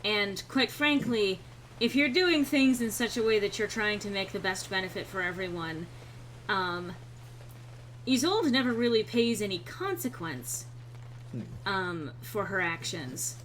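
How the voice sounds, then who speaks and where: A woman's voice: mid-range voice, lively intonation, measured pace, a bit bright. Woman streamer, chatty gameplay commentary, blunt and casual, light background hum. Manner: chatty, reacts and reads chat aloud, frank and swearing.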